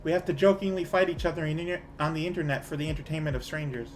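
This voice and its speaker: Chatty male streamer, higher-pitched voice, rambling and self-amused, soft music underneath. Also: racing. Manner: chatty, rambling, laughs at own jokes. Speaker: game streamer. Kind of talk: casual game-stream chat.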